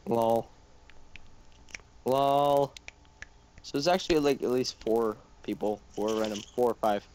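A man's voice: lowish voice, fairly quick, a little mellow, a little hiss or hum. A man chatting casually with friends on a gameplay livestream, rambling and teasing.

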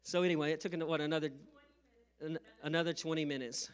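A middle-aged male pastor preaching a sermon, telling a funny story, laughing often and rising to loud, emphatic bursts. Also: fairly high pitch, flat delivery, fast, clear, resonant tone. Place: church sanctuary.

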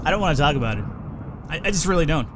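A man's voice: on the high side, expressive, rapid-fire, noisy background. A man hosting a let's play, talking through his choices in casual gameplay commentary and swearing freely when things go wrong. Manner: thinks aloud, swears freely when frustrated.

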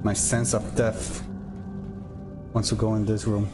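A man's voice: lowish voice, completely flat delivery, a little slow, music in the background. A man playing a horror game on stream, talking to himself and the game creatures in jumpy, nervous commentary. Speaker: gameplay streamer. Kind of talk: let's play commentary.

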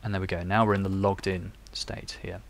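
Young guy coding on stream, chatty, kinda low voice. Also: flat delivery, a little fast. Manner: chatty, thinks aloud while typing. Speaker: developer live-coding on stream. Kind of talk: live coding tutorial.

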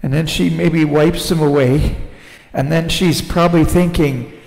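A pastor delivers a sermon to his congregation slowly and deliberately, praying, retelling scripture, and pulling listeners in with rhetorical "right?" asides. His voice is a little high, steady, creaky and a little mellow. It rings through a church sanctuary with long, roomy reverb.

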